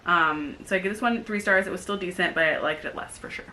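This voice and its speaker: Bright-voiced young woman ranting casually. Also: fairly low pitch, fast, slight background noise. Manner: rambling, filler-heavy, animated ranting. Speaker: co-host. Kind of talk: casual book review chat.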